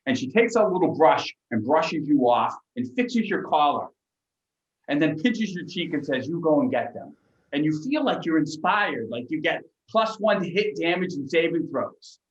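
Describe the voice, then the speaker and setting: A man narrating a tabletop game as game master, with lively delivery and frequent restarts. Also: fairly high pitch, moderate pace, echoey room, lo-fi sound.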